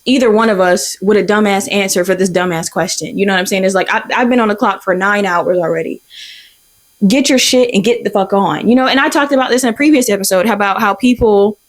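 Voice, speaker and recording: A young woman in her twenties hosting a podcast, telling a story in a profane, exasperated, animated way. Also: mid-range voice, fast talker, few pauses. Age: 20s. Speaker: podcast host. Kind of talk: casual storytelling rant.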